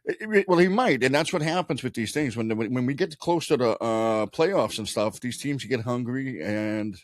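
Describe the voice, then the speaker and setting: A man's voice: mid-range voice, animated, moderate pace, dry recording, clean studio sound. A man co-hosting a casual sports podcast, rambling through loose, profane analysis and laughing often. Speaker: podcast co-host.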